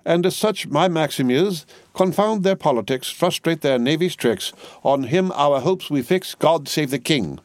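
A man's voice: on the high side, expressive, a little slow, no room sound, pitched above the performer's own voice. A man reading an audiobook, voicing a brusque, fiercely patriotic middle-aged Englishwoman with a fussy, emphatic manner. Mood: indignant, fussy. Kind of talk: audiobook character voice.

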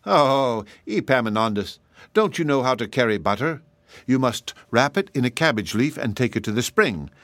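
A man voicing an exasperated mother who scolds her son loudly and emphatically in a storybook reading. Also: mid-range voice, expressive, moderate pace, no echo, natural voice. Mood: scolding.

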